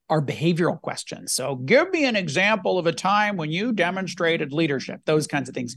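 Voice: mid-range voice, vocal fry, slightly rough, no room sound. An interviewer, a journalist by background, asking chatty questions with light jokes and asides.

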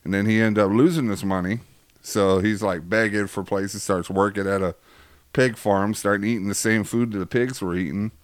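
A low, smooth-voiced man hosting a casual faith chat. He rambles and jokes, packing his talk with fillers, and the sound is dry and close. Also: steady tone, moderate pace, dry recording. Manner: rambling, jokey, many fillers. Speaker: host.

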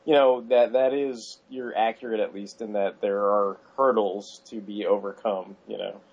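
A man's voice: on the low side, fairly even intonation, moderate pace, a little mellow, muffled recording. A man co-hosting a podcast, chiming in agreeably in casual chat. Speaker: podcast co-host.

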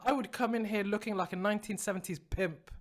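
A man co-hosting a podcast, chatting casually and teasing his co-host, quick to laugh. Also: sits high.

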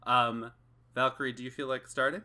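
An animated, camp man hosts a casual podcast chat. His voice is bright and forward, and his pitch sits mid-range for a man. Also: fairly quick. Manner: animated, mimicking others, camp. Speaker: podcast host.

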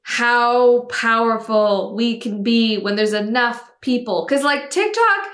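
A woman with a fairly high voice tells her story in relaxed, casual podcast talk. She slips into little voices to quote what others said. The room around her is echoey. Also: takes it slowly. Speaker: guest telling her story.

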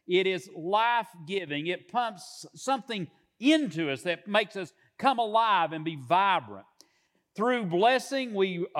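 A man pastor delivering a sermon from the pulpit, measured, slowing down to stress key words. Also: sits high. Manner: measured preaching with drawn-out emphasis.

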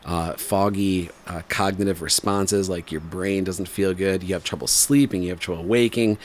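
A man in his forties with a somewhat low voice. He rambles through a casual story with plenty of fillers and laughter, and his voice jumps up when he imitates the people in it. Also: fairly even intonation, normal speed, slight background noise. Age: 40s.

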